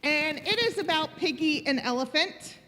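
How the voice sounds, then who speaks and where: High, lively woman reading to children. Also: moderate pace. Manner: animated, cheerful storytelling to children. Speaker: children's story leader. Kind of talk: children's time in a church service. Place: church sanctuary. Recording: long church reverb, faint noise.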